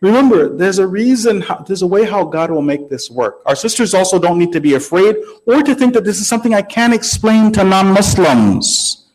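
Man, sermon, high voice, conversational, checks in with listeners. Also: animated, brisk, darkish tone, poor audio. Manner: conversational, keeps asking the audience "right?". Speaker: religious speaker.

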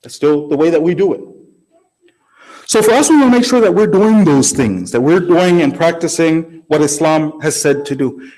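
A man's voice: fairly high pitch, expressive, moderate pace, darkish tone, low-quality recording. A man giving a sermon in a conversational way, often checking in with the audience. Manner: conversational, keeps asking the audience "right?". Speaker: religious speaker.

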